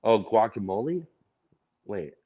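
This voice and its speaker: Man, co-host, casual stream chat, rambling jokes, low voice, dull lo-fi audio. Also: very animated, measured pace, slightly rough. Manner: joking, rambling, laughs often. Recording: muffled lo-fi audio.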